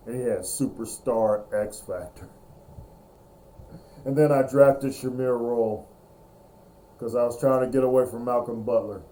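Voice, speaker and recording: A man's voice: medium pitch, mellow. A young man hosting a sports video game channel, talking emotionally after his team wins, repeating himself and cheering. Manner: emotional, repetitive, breaks into drawn-out cheers. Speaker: gaming channel host. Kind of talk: excited gameplay commentary.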